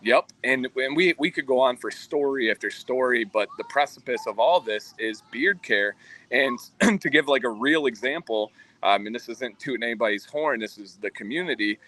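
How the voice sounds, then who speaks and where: A man's voice: mid-range voice, moderate pace, bright, forceful tone, rough recording. A man co-hosting a livestream, earnestly telling a story about his community. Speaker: co-host. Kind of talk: livestream chat.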